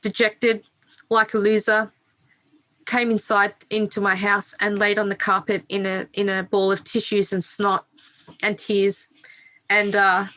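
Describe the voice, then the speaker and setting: A middle-aged woman tells her own story on a podcast with a bright, forceful edge to her voice. She speaks frankly, swears without hesitation and laughs at herself along the way. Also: mid-range voice, monotone, measured pace. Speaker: podcast guest. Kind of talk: candid interview storytelling.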